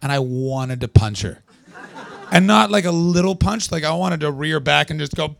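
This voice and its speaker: Man, from Canada, stand-up comic, gravelly fry, sarcastic, profane, dry close sound. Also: on the high side, a little fast, no room sound. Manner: profane, sarcastic, bursts into yelled punchlines. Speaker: stand-up comedian. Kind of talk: live stand-up with crowd work. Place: small venue at a comedy festival.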